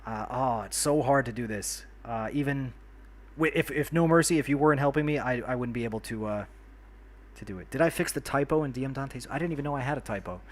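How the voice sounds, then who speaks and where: A man's voice: medium pitch, fast talker. A man from New York hosting a casual game livestream, chatty and friendly, greeting and thanking viewers by name as he plays. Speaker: livestream host. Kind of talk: casual livestream chat while playing a city builder.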